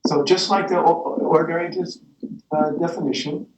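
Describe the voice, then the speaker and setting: A man's voice: fairly high pitch, fairly even intonation, normal speed, reverberant, muffled recording, noisy background. A man lecturing a math class, rambling and correcting himself as he goes, with the odd chuckle. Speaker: math professor.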